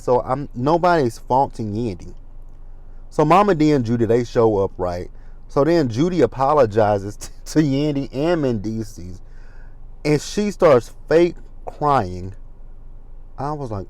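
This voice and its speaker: A man's voice: mid-range voice, lively intonation, moderate pace, a little mellow, no room sound. Dry, chatty man recapping reality TV. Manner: chatty, gossipy, with frequent asides and profanity. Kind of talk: casual chat commentary.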